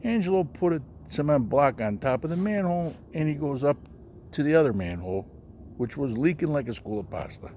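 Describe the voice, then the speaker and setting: A man spinning a story in a lively, swooping voice that leaps up whenever he quotes someone. His pitch sits in an ordinary middle range. A faint hiss of noise sits under the recording. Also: brisk. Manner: animated, raising his voice high for quoted characters. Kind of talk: casual anecdote telling.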